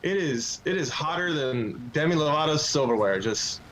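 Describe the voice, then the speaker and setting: A man's voice: fairly high pitch, animated, normal speed, a loud crowd, poor audio. A man in his twenties doing a crude, self-mocking stand-up set at an open mic. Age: 20s. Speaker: stand-up comedian.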